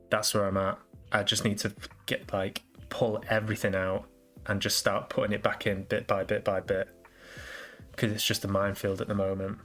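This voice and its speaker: A man's voice: on the low side, fairly bright tone. A man hosting a casual solo podcast, rambling and self-deprecating with lots of restarts. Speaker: podcast host.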